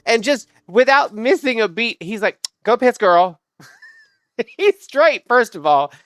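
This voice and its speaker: A woman livestreamer telling a funny work story in casual chat, animated and quick to laugh and swear. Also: fairly high pitch, dry recording.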